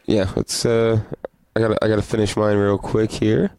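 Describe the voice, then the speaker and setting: A man's voice: lowish voice, moderate pace, smooth, no echo, low-quality recording. A man co-hosting a podcast, chatting casually and rambling about movies and beer. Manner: relaxed, rambling, reads beer labels aloud. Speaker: podcast co-host. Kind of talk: casual chat.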